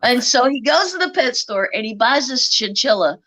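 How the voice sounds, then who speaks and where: A middle-aged woman telling stories in a teasing, animated way and laughing often. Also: a little high, normal speed. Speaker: guest. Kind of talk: casual storytelling chat.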